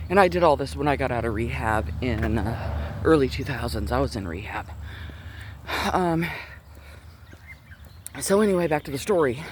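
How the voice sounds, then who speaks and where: A man's voice: mid-range voice, expressive, normal speed, pauses often, slight background noise. A middle-aged man, a little out of breath, walking outside and rambling earnestly through a personal faith story, with many restarts. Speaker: faith vlogger. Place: outdoors, walking on a chilly day. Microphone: Bluetooth earpiece.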